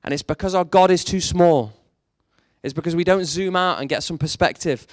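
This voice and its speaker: A man preaching a sermon with animated storytelling that swings between hushed and emphatic. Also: high voice, normal speed, no echo, studio quality.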